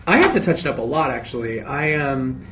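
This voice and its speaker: Male singer, mid-pitched, casual fan Q&A: reads the questions himself and answers chattily, with frequent restarts. Faint background hiss. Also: fairly quick. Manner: chatty and expressive, often restarting sentences. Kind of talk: casual live Q&A, reading questions aloud.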